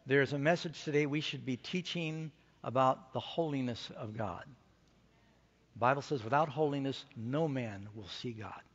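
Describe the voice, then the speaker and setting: A middle-aged man preaching a conference sermon, telling a story and rising to excited, emphatic peaks. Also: a little high, breathy edge, lo-fi sound. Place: large conference hall stage.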